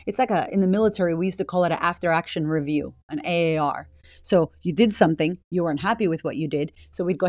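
A woman's voice: lowish voice, lively intonation, fairly quick, a little mellow, no room sound, clean studio sound. Blunt, swearing woman podcast host. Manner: blunt, swears freely, asks many rhetorical questions. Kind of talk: motivational podcast talk.

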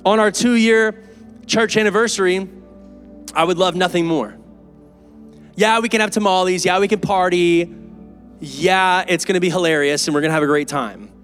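A pastor preaching an earnest, emphatic and conversational sermon in a church. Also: male voice, sits high, moderate pace, pauses often, fairly bright tone, faint music behind. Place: church sanctuary.

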